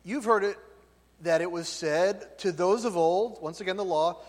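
A man preaching a sermon, loud and emphatic, often checking in with his listeners. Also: high voice, normal speed. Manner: loud, emphatic, tag questions. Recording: long hall reverb.

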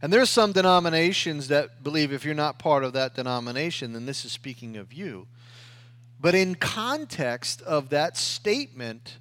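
A man preaching a sermon in an emphatic style, swinging between loud rising lines and quiet drops, often tagging "right?". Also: on the high side. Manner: emphatic, rising and falling preaching with tag questions.

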